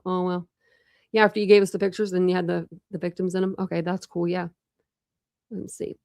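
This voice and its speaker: Chatty woman with a gravelly edge. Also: lowish voice, level tone, a little fast, a little mellow, no echo, studio quality. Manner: chatty, many fillers and restarts. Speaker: true crime livestream host. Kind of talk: casual rambling livestream chat.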